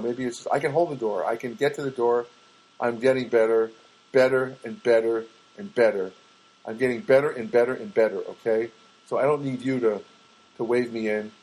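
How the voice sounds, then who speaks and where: A man's voice: medium pitch, slightly rough, low-quality recording. A man telling a rambling, self-mocking comic monologue, full of restarts and asides.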